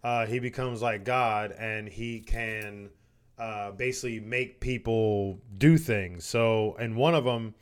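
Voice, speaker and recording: A man's voice: on the low side, slow, clean tone. A young man co-hosting a podcast, talking in a laid-back, joking way with casual swearing. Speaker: podcast co-host. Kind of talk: casual chat.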